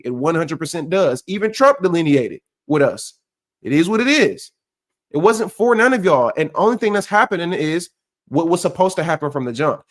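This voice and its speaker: A man delivers heated commentary to his stream. He talks bluntly and profanely, circling back to hammer the same points over and over. His voice sits a little on the high side for a man. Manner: blunt, profane, repetitive and emphatic.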